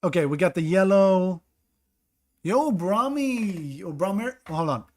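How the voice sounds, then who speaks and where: A man's voice: sits high, moderate pace, a little mellow. A man streaming a map-guessing game, thinking aloud and greeting viewers in chat between guesses. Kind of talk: casual live-stream commentary.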